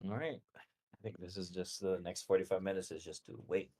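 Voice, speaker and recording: A man hosts a live stream in relaxed, chatty talk. His voice sits a little low, and he restarts his phrases often and laughs easily. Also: a little fast. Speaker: live stream host and chart analyst. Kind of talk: casual chat.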